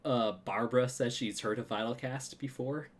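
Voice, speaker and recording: A man's voice: mid-range voice, steady tone, normal speed. Chatty laughing male podcast host. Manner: chatty storyteller, laughs often. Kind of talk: casual chat.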